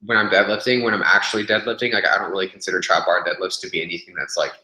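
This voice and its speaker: A young man with a deep voice rattles off a gym story at high speed, flat and sharp-toned, on a casual webcast. He rambles and swears freely, stumbling through fillers and restarts. It was captured on a webcam in an echoey room.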